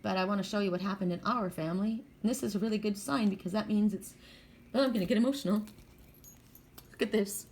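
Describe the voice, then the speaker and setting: A woman's voice: mid-range voice, steady tone, fast, few pauses, darkish tone, breathy edge. An older woman giving a casual spoken oracle card reading, earnest and spiritual, talking straight to viewers with frequent restarts and self-corrections.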